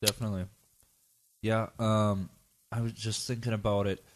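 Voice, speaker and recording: A man's voice: on the low side, flat delivery, normal speed, background noise. An American man hosting a podcast, chatting loosely and jokingly and swearing casually. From United States. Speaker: podcast host.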